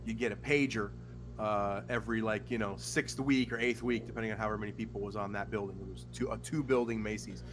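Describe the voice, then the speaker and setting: A man's voice: fairly low pitch, fast talker. A man casually telling a long story on a podcast, swearing often and rambling, with lots of fillers and quoted voices. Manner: profane, rambling, animated when acting out quotes. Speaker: podcast co-host.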